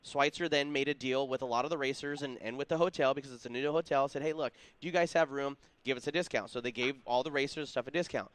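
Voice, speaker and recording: A man co-hosting a casual racing talk show, excited, often stumbling and repeating his words. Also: mid-range voice, fast, hardly any pauses, no echo. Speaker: co-host. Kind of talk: casual storytelling chat.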